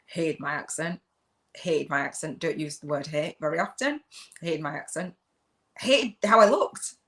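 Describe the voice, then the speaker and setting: A middle-aged Englishwoman from the UK hosts a live video chat as a spiritual business coach. Her voice is low and she talks a little slowly, but she's loud and effusive, laughing frequently.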